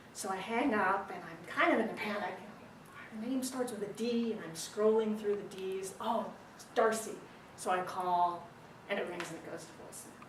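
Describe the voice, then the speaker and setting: A woman telling a dramatic personal story at a speaking club, animated and pausing for effect. She is picked up from a distance in a roomy meeting room, with faint ambience underneath. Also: mid-range voice, a little hiss or hum.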